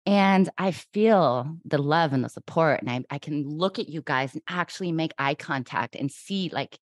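A woman in her forties hosting a podcast, telling a lively story in casual chat and acting out her own past thoughts. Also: sits low, moderate pace, no room sound, clean studio sound. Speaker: podcast host.

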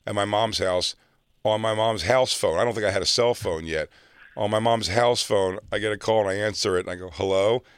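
A man from South Jersey telling a long, animated comedy anecdote and acting out other people's lines. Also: on the low side, fairly quick, clean tone, dry recording. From South Jersey, near Philadelphia. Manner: animated anecdote teller, acts out quotes. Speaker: comedian guest. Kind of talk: casual storytelling chat.

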